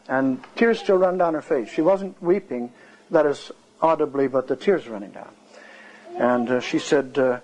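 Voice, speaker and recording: A man's voice: on the high side, moderate pace, darkish tone, rough recording. A male preacher telling a revival story in a sermon, earnest and anecdotal, acting out the dialogue.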